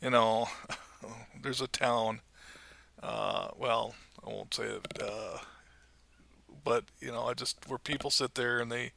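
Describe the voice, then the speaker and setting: Gravelly, bright-voiced middle-aged man. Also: medium pitch, lively intonation, measured pace. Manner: wry, grumbling asides. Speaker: podcast co-host. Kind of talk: casual podcast chat.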